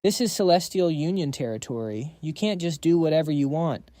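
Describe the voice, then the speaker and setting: Guy doing a whiny scheming rich kid, all bluster, kinda high voice. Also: fairly quick, dark tone, dry recording, natural voice. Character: arrogant, scheming young male rich heir.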